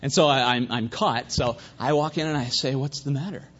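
A man preaching a sermon at a church service, fervent, swinging between loud emphasis and hushed asides. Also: medium pitch, steady tone, moderate pace, slight background noise. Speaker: pastor. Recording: dull lo-fi recording.

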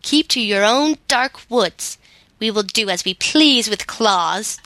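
A woman's voice: mid-range voice, animated, takes it slowly, no echo. A woman doing a furious goblin king. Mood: defiant. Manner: angry, defiant shouting. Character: fierce scowling male goblin king, impudent.

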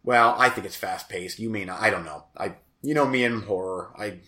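A man's voice: fairly low pitch, a little fast, bright, forceful tone, roomy sound. A man co-hosting a casual podcast chat, rambling and self-deprecating, with lots of fillers and a crackly voice. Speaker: podcast co-host.

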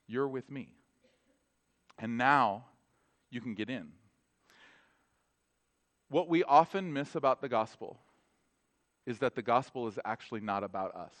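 A man, a pastor with children, preaching a sermon in a conversational, animated way and acting out short dialogues. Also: medium pitch. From North America. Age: adult with children.

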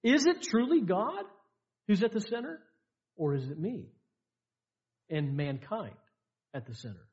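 A man preaching a sermon, emphatic, with repeated lines and dramatic pauses. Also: sits high, very animated, a little mellow, muffled recording. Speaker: pastor. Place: church sanctuary.

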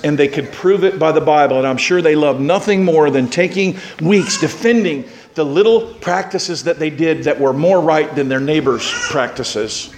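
A man's voice: on the high side, slight background noise. A man preaching a sermon as pastor in a church, building to fervent, emphatic delivery. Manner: rising to impassioned emphatic preaching.

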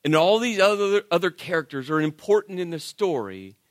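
A man preaching a sermon, telling stories with acted-out voices and sinking to quiet intensity. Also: sits high, brisk, dry recording, clean studio sound. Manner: animated storytelling, acts out voices, drops to quiet intensity. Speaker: pastor.

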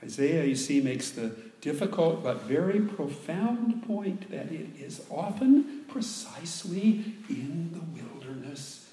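A man preaching a sermon as pastor, speaking slowly and deliberately and leaning hard on key words. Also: on the high side, sing-song, warm tone. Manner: slow, deliberate preaching with dramatic emphasis. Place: church sanctuary. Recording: echoey church room, faint ambience.

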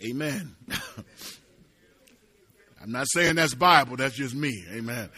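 A middle-aged man preaching a sermon as pastor, dramatic, swinging from quiet asides and jokes to loud, emphatic preaching. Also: medium pitch, takes it slowly, long pauses, breathy edge.

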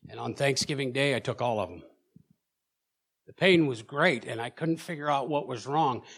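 A man's voice: mid-range voice, moderate pace, breathy edge. Man preaching a heartfelt testimony. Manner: emotional storytelling, swings between loud and hushed, repeats words when stirred. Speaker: preacher sharing a personal testimony. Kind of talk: sermon testimony. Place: church.

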